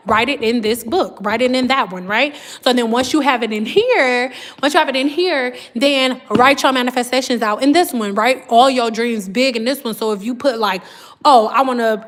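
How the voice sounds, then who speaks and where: A woman's voice: on the high side, a bit bright. A woman, chatting casually on a livestream and often saying "girl" and "y'all". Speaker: livestream host.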